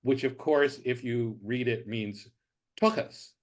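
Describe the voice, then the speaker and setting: A man, a professor, chatting as a guest and telling old jokes, with halting starts before settling into the story. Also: medium pitch, darkish tone. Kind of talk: casual conversation, telling jokes.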